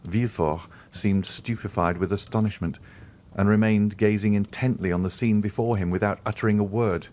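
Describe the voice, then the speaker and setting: A man reading a classic novel aloud in a measured, even scripted narration. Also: fairly low pitch, a little hiss or hum. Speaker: audiobook narrator.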